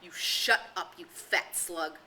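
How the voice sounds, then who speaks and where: A woman voicing an aggressive, domineering schoolboy who shouts and jeers at the others. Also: lowish voice, slow, slight background noise, full character voice. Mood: contemptuous. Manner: shouting, jeering, bitter mimicry.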